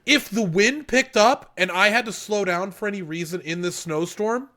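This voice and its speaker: A man's voice: sits high, normal speed, pushed and bright. A man co-hosting a podcast, ranting with lots of swearing in an exasperated, casual way. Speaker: podcast co-host.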